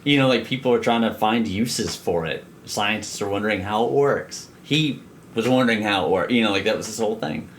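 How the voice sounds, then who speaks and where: A man co-hosting a podcast in casual chat, profane and animated, slipping into voices when he quotes people. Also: on the low side, a little fast, slight background noise. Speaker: podcast co-host.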